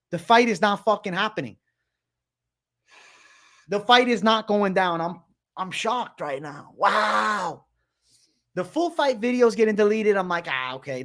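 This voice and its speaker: A young man hosting a livestream, talking excitedly and repeating himself, swearing often and calling his viewers bro. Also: high voice. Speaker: livestream host. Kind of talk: livestream commentary.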